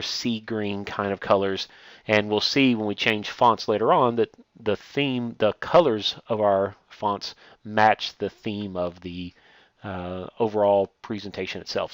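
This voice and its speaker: Low-voiced man talking through a software tutorial. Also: no room sound. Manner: plain step-by-step explaining with fillers. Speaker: instructor.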